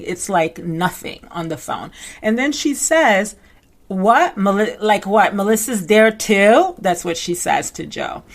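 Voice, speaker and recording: A woman recapping a reality show in casual commentary, chatty and full of "like" fillers, acting out what people said. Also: mid-range voice. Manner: chatty, many "like" fillers, acts out quotes.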